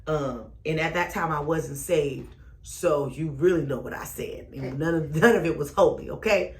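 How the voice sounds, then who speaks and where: A woman, telling her own story with sass. She swings from loud, exclaiming bursts to quiet asides. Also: normal speed. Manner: sassy, expressive, rising to loud exclamations then dropping low. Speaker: storyteller vlogger. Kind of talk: animated personal storytelling.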